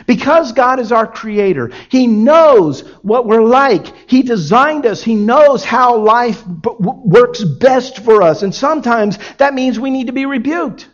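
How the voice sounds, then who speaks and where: A man's voice: very high-pitched, animated, measured pace, hardly any pauses, lo-fi sound. A man in his forties preaching a sermon as pastor, acting out quoted voices in his examples.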